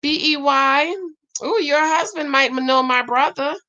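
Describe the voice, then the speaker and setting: A tired woman with a high-pitched, bright, forceful voice hosts a casual YouTube live stream, unhurried as she chats with viewers and reads the live chat. She laughs often, calls her audience "babes" and "y'all," and is winding down for bed; the sound is lo-fi.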